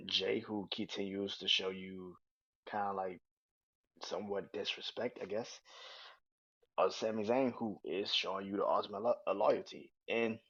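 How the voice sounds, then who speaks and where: A man hosting his own podcast, giving a casual, animated review that is full of swearing, with bursts of acted-out quotes. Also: lowish voice, normal speed, slightly rough, no room sound, dull audio. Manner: animated, swears freely, acts out quotes in raised voices. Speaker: podcast host. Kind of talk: casual solo wrestling review.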